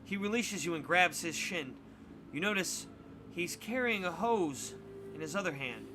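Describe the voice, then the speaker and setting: A man reading a spooky choose-your-path book aloud with dramatic, expressive narration. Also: high-pitched, moderate pace, music in the background. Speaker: storybook reader on a stream.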